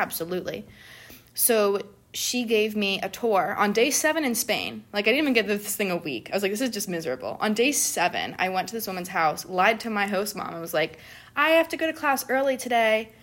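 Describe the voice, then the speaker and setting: A young woman in casual conversation, telling a story in an animated way and acting out what people said, with many "like"s. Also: mid-range voice. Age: young adult. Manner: animated, acts out quoted people, says "like" often. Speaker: guest telling a study-abroad story.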